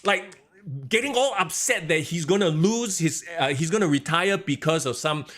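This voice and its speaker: A man's voice: a little high, moderate pace, fairly bright tone. A man, co-hosting a casual wrestling podcast, ranting animatedly and mimicking announcers. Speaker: podcast co-host.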